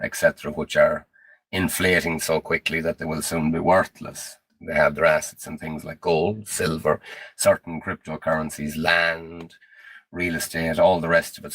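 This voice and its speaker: Deep-voiced man lecturing gravely. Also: fairly bright tone, no room sound, low-quality recording. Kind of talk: recorded monologue.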